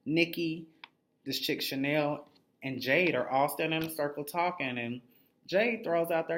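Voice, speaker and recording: A man's voice: fairly high pitch, unhurried, fairly bright tone. A man giving a casual, profanity-heavy recap of a reality show episode, blunt and gossipy, slipping into the voices of the people he describes. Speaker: TV recap reviewer.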